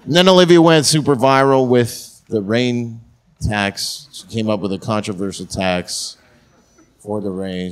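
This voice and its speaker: A man's voice: lowish voice, unhurried. A man performing a crude, brash stand-up comedy set on a theatre stage. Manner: crude, brash punchline delivery.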